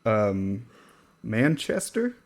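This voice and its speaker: A man's voice: fairly low pitch, very animated, extremely slow. A man co-hosting a podcast in casual chat, wry and self-deprecating, often trailing off into a laugh. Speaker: podcast co-host.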